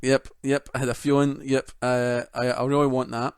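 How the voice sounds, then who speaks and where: A man's voice: medium pitch, little pitch movement, normal speed, clean tone, no echo, studio quality. A man co-hosting a casual gaming podcast, enthusiastic and joking, swearing freely. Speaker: podcast co-host.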